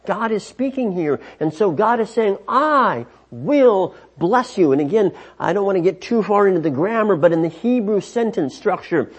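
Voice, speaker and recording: A man teaching scripture in a measured, emphatic way, often restarting his phrases as he explains. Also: high-pitched, expressive, a little mellow, breathy edge. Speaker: Bible teacher. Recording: dull lo-fi recording.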